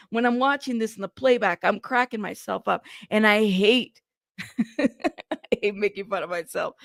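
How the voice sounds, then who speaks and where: A woman's voice: mid-range voice, normal speed, vocal fry, a bit bright, no echo, clean studio sound. A woman hosting a news livestream in casual chat, talking straight to her viewers and laughing at herself.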